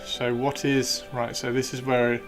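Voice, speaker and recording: A man's voice: medium pitch, level tone, unhurried, soft background music. A man livestreaming while painting miniatures, chatting casually and rambling with many fillers and restarts.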